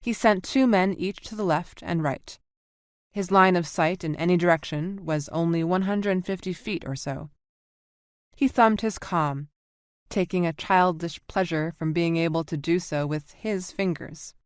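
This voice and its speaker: A woman narrating a science fiction audiobook in a steady, even reading. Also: on the low side, a little slow, smooth, no room sound, clean studio sound. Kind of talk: scripted narration.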